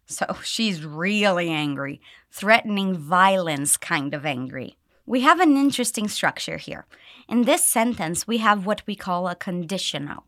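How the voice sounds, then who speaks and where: With a lively, rising-and-falling pitch, a woman teaching English walks her learners through pronunciation drills. Every phrase is modeled with deliberate clarity for them to say back. There is no room around the sound; it is close and dry.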